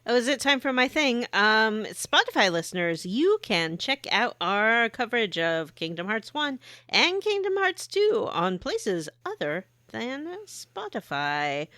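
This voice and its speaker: A woman co-hosting a casual podcast, playful and jokey. Her pitch swings widely as she talks. The sound is dry and close. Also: very animated, unhurried, few pauses, pushed and bright, dry recording. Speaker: podcast co-host.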